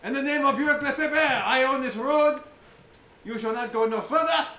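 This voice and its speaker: A man voicing a swashbuckling highwayman with a French accent, taunting grandly. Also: normal speed, sharp tone. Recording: echoey room with noise.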